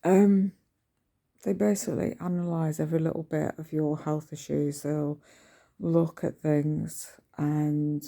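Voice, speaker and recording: A middle-aged woman talks into her phone at home in a slow, unhurried ramble. Her voice is dark and mellow with a gravelly edge. She meanders through her thoughts with plenty of ums and restarts. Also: deep voice, flat delivery. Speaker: vlogger. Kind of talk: casual early-morning vlog chat. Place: at home indoors.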